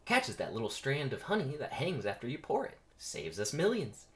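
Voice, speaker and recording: A man voicing an upbeat female tour guide bee who talks in a cheery sales pitch. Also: huge pitch swings, normal speed, a bit bright. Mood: chipper.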